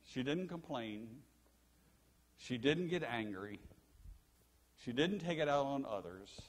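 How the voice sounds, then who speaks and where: A man's voice: mid-range voice, takes it slowly, pauses often. An older man, a pastor, preaching a sermon, telling stories and asking the congregation questions. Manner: animated storytelling preacher, asks the congregation questions. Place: church sanctuary. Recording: long church hall reverb.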